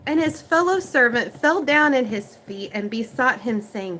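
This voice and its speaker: A woman's voice: on the high side, animated, a little slow, hardly any pauses, bright, forceful tone, a little hiss or hum, rough recording. A woman under forty with an Oklahoma accent reads the King James scripture aloud, then retells it in everyday slang and chats with her viewers. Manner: answers viewer questions chattily. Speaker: online Bible reader. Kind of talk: scripture reading with casual commentary.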